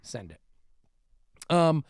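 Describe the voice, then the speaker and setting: A man hosting a podcast in casual chat, animated and rambling with many restarts. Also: drawn-out words, no room sound, clean studio sound. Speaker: podcast host.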